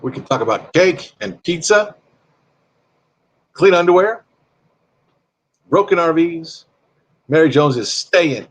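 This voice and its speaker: A man's voice: a little high, expressive, a little slow, pauses often, breathy edge. A man hosting a casual live stream, rambling and reading viewer comments aloud in a friendly, chatty way.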